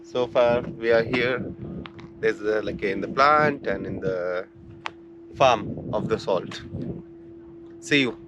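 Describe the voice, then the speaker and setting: A man working as a local guide, explaining things informally in slow English and searching for his words, outdoors at a salt plant. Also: on the low side, lo-fi sound.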